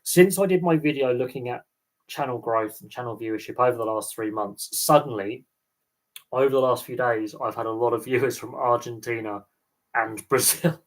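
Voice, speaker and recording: Man, from England, live-stream host, casual chat, rambling, mid pitch. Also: normal speed. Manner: rambling, animated, swears casually.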